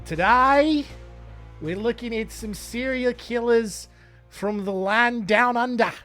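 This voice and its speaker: A man's voice: very high voice, takes it slowly, a bit bright, soft background music. A podcast host, a man, rambling in a put-on Australian accent, mocking himself between lots of fillers. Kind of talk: casual monologue.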